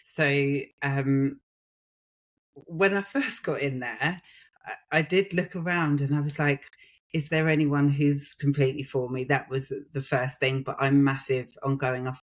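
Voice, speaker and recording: A British woman speaks as a podcast guest, sincere and open. She pauses often and hunts for her words, with soft laughs along the way. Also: a bass voice, steady tone. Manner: earnest, halting, with frequent fillers and soft laughs. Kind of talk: casual chat.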